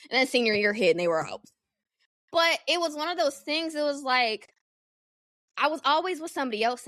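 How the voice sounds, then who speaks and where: Candid young woman podcaster, higher voice. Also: no room sound, clean studio sound. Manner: candid, profane, animated. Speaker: podcast host. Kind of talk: casual solo podcast storytelling.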